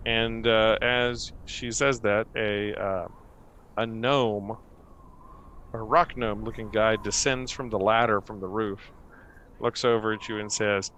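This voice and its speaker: A man narrating as game master, unhurried and full of fillers. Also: lowish voice, fairly even intonation, fairly bright tone.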